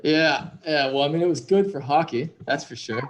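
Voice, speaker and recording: A man from Minnesota, a guest sailor, talking in a relaxed, self-deprecating way full of "you know". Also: fairly high pitch, normal speed. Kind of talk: casual conversation.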